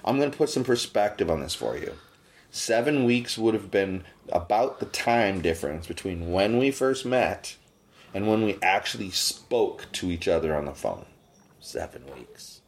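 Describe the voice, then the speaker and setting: A man's voice: on the low side, moderate pace. A man hosting a podcast, ranting casually and getting worked up, his voice jumping up when indignant. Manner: animated ranting, rising sharply when indignant. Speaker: podcast host. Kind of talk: casual chat.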